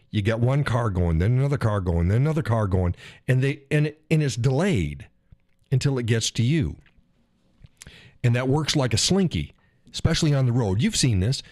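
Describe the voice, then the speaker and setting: A mid-range male voice, recorded clean in the studio without echo, belongs to a live streamer on a casual political rant. He swears a lot and animatedly acts out frustrated drivers.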